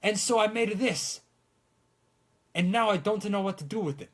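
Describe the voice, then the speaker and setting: Young man in a put-on Italian accent, husky. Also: high-pitched, normal speed. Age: young adult. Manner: rambling, self-mocking, trails off mid-sentence. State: talking through a swollen lip. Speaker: prop-making livestream host. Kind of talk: casual livestream chat in a put-on Italian accent.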